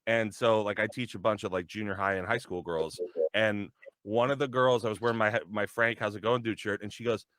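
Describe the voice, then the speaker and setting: A man's voice: lowish voice, fairly even intonation, a little fast, fairly bright tone, no echo. A young adult man chatting casually on a livestream, telling a rambling story with laughs and acting out quotes. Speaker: voice actor and guest on a developer livestream.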